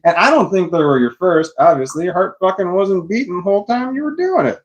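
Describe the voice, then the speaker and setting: A man's voice: sits high, expressive, brisk. A man rambling through a casual monologue, full of fillers, restarts and swearing. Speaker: vlogger.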